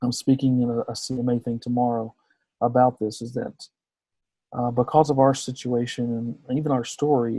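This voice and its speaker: A man in his thirties, a podcast guest telling a personal story with lively energy and slipping into the voices of the people he quotes. His voice is mellow and warm, recorded close and dry with no room sound. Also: medium pitch, husky, dry recording. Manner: lively storyteller who acts out quoted dialogue.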